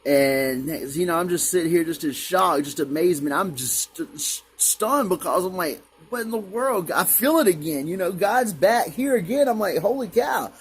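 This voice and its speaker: A man's voice: sits high, animated, moderate pace, hardly any pauses, slight background noise. A man earnestly recounting a personal religious experience, rambling and repeating himself as he talks. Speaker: vlogger. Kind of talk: emotional personal testimony.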